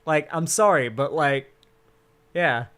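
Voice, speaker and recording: A young man on a casual commentary stream who rambles and swears as he rants. His voice runs a bit high, with an animated, loose delivery. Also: a little slow. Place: cramped home setup.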